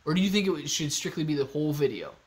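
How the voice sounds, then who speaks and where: A man hosting a casual live stream, chatty and excitable, talking straight to his viewers. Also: on the high side, racing. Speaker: livestream host.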